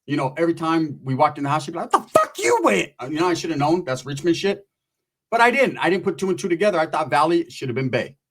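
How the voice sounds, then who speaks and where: A man's voice: on the high side, expressive, fast talker. A man telling a rambling, crude comic story in a laid-back, profane way. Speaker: comedian.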